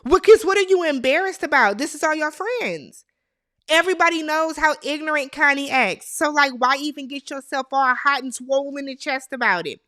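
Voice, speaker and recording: Woman, high-pitched, sharp bright tone, gossipy recap chat, opinionated. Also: normal speed, no echo, clean studio sound. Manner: animated, opinionated, talks straight to viewers. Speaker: TV show recap host. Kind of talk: casual gossipy show recap.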